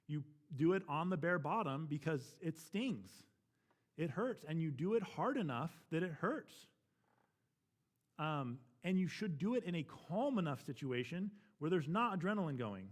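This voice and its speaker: A man teaching a church parenting class, talking frankly and matter-of-factly, often checking in with "right?". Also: a little high.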